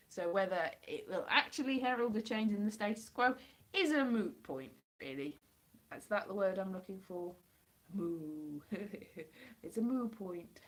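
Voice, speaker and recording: Woman from the UK, hoarse, live-stream chat, rambling, jokey, computer mic. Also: medium pitch. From United Kingdom. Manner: rambling and jokey, chatting to viewers. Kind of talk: casual live-stream chat answering viewers.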